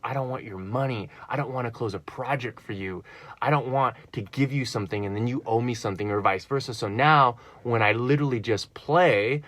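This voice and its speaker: A man's voice: mid-range voice, a bit bright, no echo. A man talking in a rambling personal monologue, earnest and full of fillers and restarts. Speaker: vlogger.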